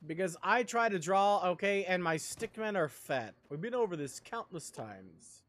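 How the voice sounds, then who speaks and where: A man's voice: sits high, expressive, moderate pace, a bit bright. A man streaming a game live, rambling casually and talking with his chat in a self-deprecating way.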